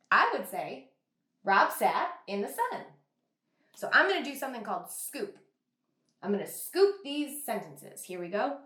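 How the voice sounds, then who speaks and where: A woman teacher giving an online reading lesson to young children, sounding out words slowly and praising the class. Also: a little high, a bit bright, roomy sound. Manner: slow, exaggerated sounding out of words. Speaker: kindergarten teacher.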